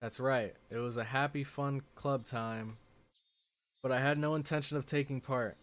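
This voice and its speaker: Male streamer, mid-pitched, chatty and excitable, reads game text and riffs on it. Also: moderate pace. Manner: chatty, excitable, with frequent "like" fillers. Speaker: streamer playing a visual novel. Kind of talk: reading game text aloud with casual commentary.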